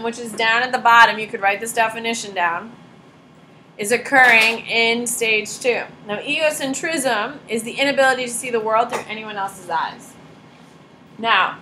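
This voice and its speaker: A woman's voice: on the high side, normal speed, bright, forceful tone, a little hiss or hum, poor audio. A young woman teacher giving a chatty classroom lecture, telling stories with sarcastic asides. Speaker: high school teacher.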